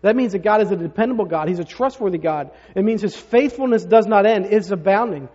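Speaking quickly in a high, somewhat mellow voice, this male pastor delivers a sermon full of conversational storytelling and rhetorical remarks aimed at his congregation. The audio is dull and lo-fi, captured in an echoing hall.

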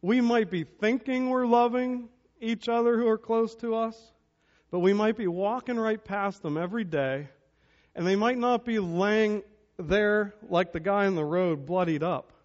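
High-voiced pastor telling a funny story. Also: male voice, measured pace. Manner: humorous storytelling, animated. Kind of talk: sermon. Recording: dull lo-fi sermon recording.

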